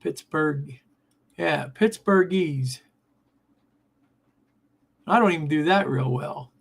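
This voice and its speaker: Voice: mid-range voice, slow, creaky, slightly rough. An older host of a live model train show, chatting casually and reacting to viewer comments with frequent laughs. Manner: easygoing, laughs often while talking.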